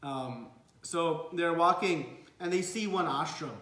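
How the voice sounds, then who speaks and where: A man telling a devotional story as a sermon, animated and acting out the characters. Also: a little high, slow, reverberant. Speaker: devotional speaker.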